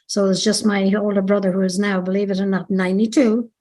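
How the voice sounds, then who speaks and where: A woman's voice: mid-range voice, level tone, quick pace, dark tone. Older woman, dublin irish accent, meandering self-correcting reminiscing, interview guest. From Ireland. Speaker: interview guest, dance teacher.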